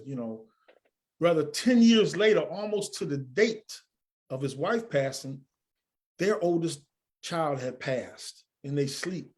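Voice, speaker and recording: Man, podcast guest, higher voice, earnest storyteller who acts out dialogue. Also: normal speed. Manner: earnest, animated storyteller acting out quoted dialogue. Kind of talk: storytelling in an interview.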